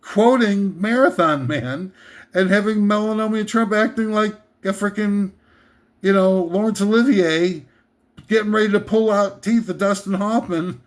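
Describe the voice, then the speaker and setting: A man with a somewhat high voice rants through a comedic countdown. He rambles, stumbles over fillers and restarts, and keeps a sarcastic edge. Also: measured pace. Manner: rambling, hesitant with many fillers, sarcastic ranting. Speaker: comedic list host.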